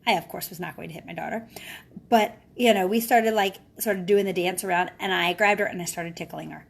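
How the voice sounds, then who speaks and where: A woman's voice: on the low side, brisk, vocal fry. A mother and wellness speaker talking casually to her followers in an earnest, encouraging way, often ending phrases with a questioning "right?". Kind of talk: casual live-video talk to followers.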